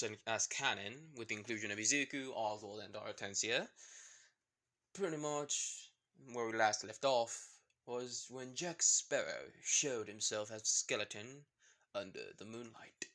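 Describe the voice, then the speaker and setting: A man's voice: medium pitch, a bit bright. A man casually narrating a fan story in a chatty, rambling way, often breaking off to comment. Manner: rambling, chatty, self-interrupting.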